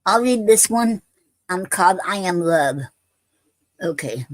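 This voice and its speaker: A woman hosting a poetry livestream who invites guests to read, then recites her own poems in an unhurried way, with plenty of fillers and pauses between them. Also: fairly low pitch, lively intonation, no room sound, poor audio.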